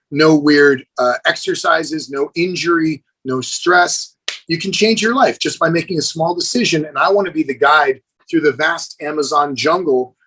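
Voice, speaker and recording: A man's voice: fairly high pitch, husky, rough recording. A middle-aged man, a fitness trainer, talking as a guest in a casual podcast interview, telling stories with enthusiasm and calling the host "dude". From United States. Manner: enthusiastic, animated storyteller, says "dude".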